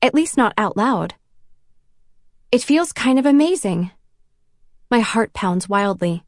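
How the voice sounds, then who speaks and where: A woman's voice: fairly high pitch, expressive, slow, dry recording, clean studio sound. A woman reading a novel in first person, with a self-conscious, wry inner voice. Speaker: audiobook narrator. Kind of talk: first-person audiobook narration.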